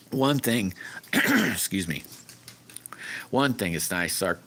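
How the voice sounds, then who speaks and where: Folksy streamer, very low voice with a forceful bright edge, chatty and rambling. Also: male voice, huge pitch swings, extremely slow, slight background noise. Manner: rambling, folksy, griping about car repairs. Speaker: livestream host. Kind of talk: casual livestream chat with viewers.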